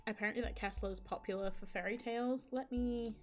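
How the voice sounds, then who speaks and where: A woman's voice: fairly high pitch, steady tone, fast, darkish tone, soft background music. Rambling, self-mocking woman streamer. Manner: rambling, self-mocking chat with frequent restarts. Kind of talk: reading a visual novel aloud on a live stream.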